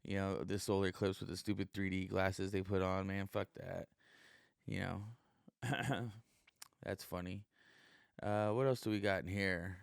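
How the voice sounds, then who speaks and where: Low, smooth-voiced man rambling casually. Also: fairly even intonation, moderate pace, dry recording, clean studio sound. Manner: rambling and profane, heavy with fillers. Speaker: podcast host and stand-up comic. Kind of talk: casual solo podcast monologue.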